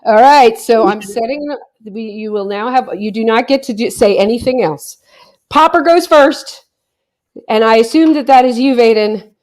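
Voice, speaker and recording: A woman's voice: on the high side, moderate pace, few pauses, warm tone. A woman hosting a casual podcast chat with friends, playful and bossy, often laughing. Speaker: podcast host.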